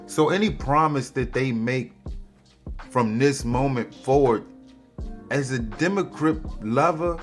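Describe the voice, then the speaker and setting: A man hosting a podcast, ranting heatedly and with lots of profanity, his voice jumping high in pitch to mock people. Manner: heated, profane, animated with big pitch swings. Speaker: podcast host. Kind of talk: opinionated political rant.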